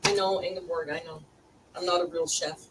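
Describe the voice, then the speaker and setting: A woman's voice: fairly low pitch, steady tone, fairly quick. Chatty woman cooking in a noisy kitchen. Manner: chatty, wry asides to viewers. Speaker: cooking channel host. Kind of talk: casual chatty cooking vlog. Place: home kitchen. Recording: distant mic, noisy kitchen.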